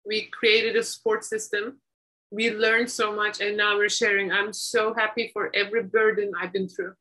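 Bright, enthusiastic woman host. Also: mid-range voice, level tone, normal speed, low-quality recording. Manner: enthusiastic and gushing. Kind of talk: casual chat.

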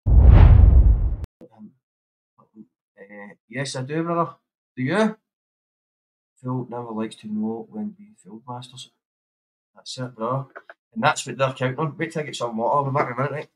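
A man's voice: mid-range voice, a little fast, long pauses, fairly bright tone, dull audio. A man ranting profanely to his livestream chat. He is agitated and keeps repeating himself. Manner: keeps asking "know what I mean".

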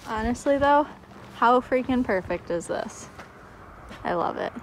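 A woman's voice: on the high side, animated, unhurried, slight background noise. A young woman vlogging a tour of her horse barn, gushing and cooing at the animals. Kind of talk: casual vlog tour. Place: horse barn, outdoors and in stalls.

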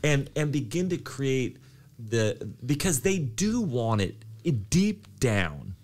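A middle-aged man, a pastor, chatting as a podcast guest and telling animated stories, often laughing and acting out quoted voices. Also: medium pitch, slow pace. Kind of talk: casual conversational interview.

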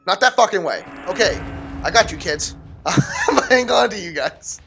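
High-voiced man yelling through a horror game. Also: lively intonation, normal speed, vocal fry, slight background noise. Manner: loud, panicky yelling and swearing; talks to the game and the viewers. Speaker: gaming video creator. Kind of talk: let's play commentary.

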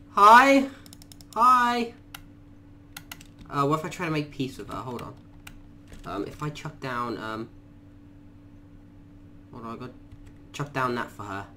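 A man doing let's play commentary, muttering quietly to himself and then bursting into panicked shrieks and swearing. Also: fairly high pitch, a little hiss or hum. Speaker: gaming YouTuber.

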